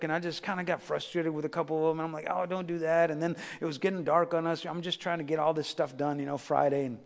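A middle-aged man preaches a sermon in a church. His voice sits high and rings out with a long reverb from the hall. He swings from loud, rising exhortation down to quiet, hushed storytelling. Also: gravelly. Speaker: pastor. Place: church sanctuary.

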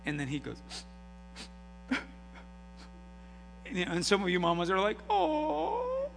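A man preaching a sermon as pastor, telling stories with acted-out voices and lively emphasis. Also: high-pitched, a little slow. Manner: animated storytelling with acted-out voices. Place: church sanctuary. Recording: live hall reverb with mains hum.

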